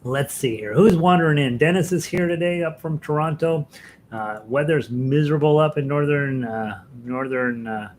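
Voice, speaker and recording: A man's voice: fairly high pitch, moderate pace, a little mellow, a little hiss or hum, poor audio. An American man hosting a live ukulele lesson stream, chatting casually with viewers, chuckling often and rambling with fillers and restarts. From United States.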